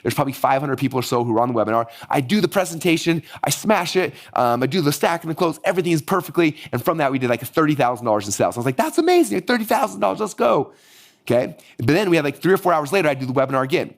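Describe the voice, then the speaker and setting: A man in his forties tells a business story at a very fast clip. His mid-range voice jumps up whenever he acts out what people said. He sounds eager and animated throughout. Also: medium pitch. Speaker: business coach teaching marketing. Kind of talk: energetic teaching monologue with storytelling.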